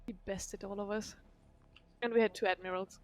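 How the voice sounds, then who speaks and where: A woman chatting in character in a roleplay game, animated and playful. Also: mid-range voice, moderate pace. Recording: faint music behind.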